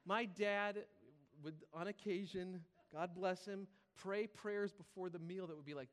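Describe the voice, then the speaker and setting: A man's voice: high voice, expressive, moderate pace. A man preaching a humorous sermon as a pastor, joking and acting out voices with laughing asides. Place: large church hall. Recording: reverberant hall.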